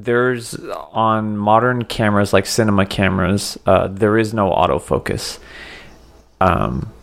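Low-voiced man chatting casually on a podcast. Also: unhurried, gravelly. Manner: relaxed, swears casually, explains at length. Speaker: podcast co-host. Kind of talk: casual chat about a film.

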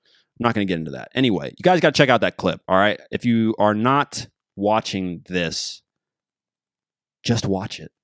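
A man with a very low voice hosts a casual solo podcast, joking and wandering off topic as he goes. His voice sounds close and dry, with no room echo. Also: expressive, moderate pace. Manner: rambling, joking, loses his train of thought. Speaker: podcast host.

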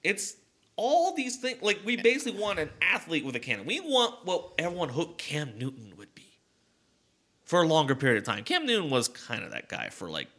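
A man co-hosting a sports podcast in casual chat, animated and quick to act out other people's words. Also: on the high side. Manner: animated, acts out quotes in a mock calm voice. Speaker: podcast co-host.

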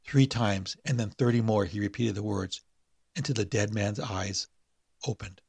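A man's voice: lowish voice, normal speed, creaky, darkish tone, breathy edge, no echo, studio quality. A man hosting a podcast, chatting hesitantly with many fillers and reading a spooky short story aloud. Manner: hesitant, full of fillers and restarts in chat.

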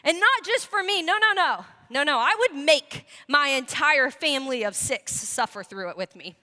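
A woman pastor giving a sermon, telling animated, self-deprecating stories to her congregation. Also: high-pitched, normal speed, big-room sound. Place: church sanctuary.

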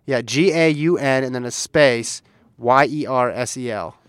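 A man's voice: mid-range voice, unhurried, clean tone, dry recording, clean studio sound. A man co-hosting a casual sports talk show, playfully quizzing his co-host. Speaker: podcast co-host. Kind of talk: casual chat.

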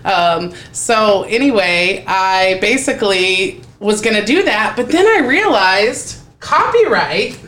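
A woman in her thirties co-hosting a podcast in casual chat, talkative and quick to laugh. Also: medium pitch, expressive, a bit bright. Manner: chatty, laughs often. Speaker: podcast co-host.

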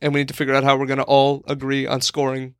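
A young man co-hosting a podcast speeds through a rambling funny story, dropping "like" often and imitating those he quotes. His mid-range voice is monotone, fast, a bit bright and smooth, in a dry, clean studio recording.

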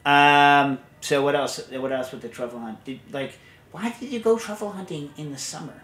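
Speaking at a normal pace in a slightly high, somewhat bright voice, a man hosts a podcast and reads out a listener's question. The chat is casual and rambling, full of fillers and restarts.

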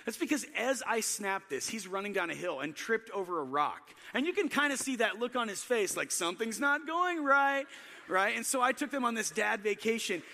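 A man in his thirties preaching a sermon, telling self-deprecating family stories in an animated way. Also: sits high, brisk, vocal fry, hardly any pauses, in a large hall. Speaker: pastor.

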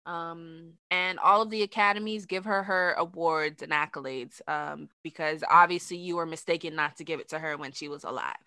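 Bright, animated young woman co-host. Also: low-pitched, normal speed, few pauses, clean tone, no room sound, studio quality. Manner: animated, laughing, raises voice when emphatic. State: eating dinner while talking. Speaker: podcast co-host. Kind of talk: casual chat.

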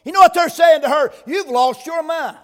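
A man preaching a sermon in a church. He opens with a quiet prayer, then preaches with rising, emphatic force. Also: very high voice, moderate pace. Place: church sanctuary. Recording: long reverb of a church hall.

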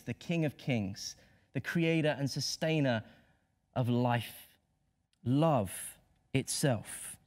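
A man delivers a Good Friday sermon in a notably high voice. He preaches with impassioned, rhetorical drive, sinking to hushed lows before climbing to emphatic peaks.

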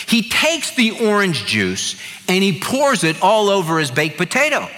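A middle-aged man preaching a sermon as a pastor, telling stories and acting out quotes with lively energy. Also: sits high, measured pace. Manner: animated storytelling with acted-out quotes. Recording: long hall reverb.

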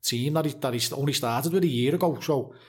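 A man at an ordinary pitch hosts a relaxed conversation. He sounds agreeable and chatty and likes to round off his points with a tag question. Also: fairly quick, breathy edge. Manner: chatty, agreeable, asks rhetorical tags. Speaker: interviewer. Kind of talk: casual conversation.

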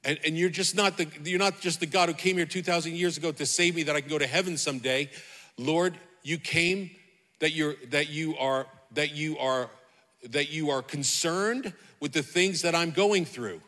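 A man's voice: on the high side, normal speed, pushed and bright. Man, pastor, fervent sermon, calls to the congregation, long hall reverb. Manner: fervent preaching, repeating phrases and calling out to the congregation.

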